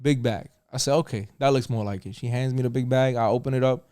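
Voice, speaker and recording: A man's voice: medium pitch, fairly even intonation, fast, warm tone, clean tone, dry recording, clean studio sound. A middle-aged man with a New York accent, telling a story in casual podcast chat, swearing often and acting out the other voices. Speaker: podcast co-host.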